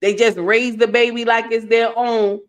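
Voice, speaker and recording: A middle-aged woman hosting a live stream, reading viewer comments aloud with animated, playful scolding. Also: a little high, normal speed. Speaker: host.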